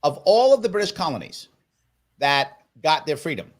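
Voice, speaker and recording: New guy, fairly high voice, tells stories with lots of emphasis, does little voices for quotes, on a video call. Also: sing-song, normal speed. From New York. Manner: emphatic storyteller who acts out quoted voices. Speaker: political guest. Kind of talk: animated interview talk.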